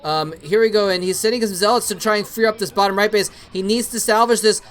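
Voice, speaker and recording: This is a man commentating a strategy-game match on his own, in a loose, conversational way. He often stammers over his words and repeats himself. At the big moments his voice shoots up into excited, high-pitched cheers. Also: quick pace, few pauses. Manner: chatty, jokey asides. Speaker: esports commentator. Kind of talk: solo play-by-play commentary over an old match.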